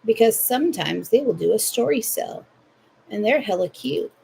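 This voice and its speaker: A woman's voice: a little high, animated, moderate pace, creaky, warm tone, slight background noise. A young Southern woman hosting a livestream, chatting playfully with viewers while she crochets at home. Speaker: livestream host. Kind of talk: casual chat while crocheting.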